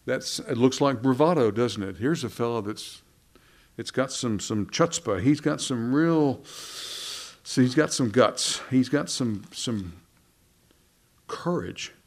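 A man delivers a sermon in a relaxed, folksy manner. He speaks at an ordinary pitch and talks to his listeners as if chatting with them, breaking off into asides and plain everyday examples. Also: slow pace. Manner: conversational, folksy preaching with restarts and asides. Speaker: preacher.

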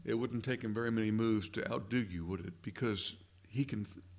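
With a fairly low-pitched voice, the pastor delivers prayer and a sermon in a steady, sincere way, regularly closing lines with rhetorical questions.

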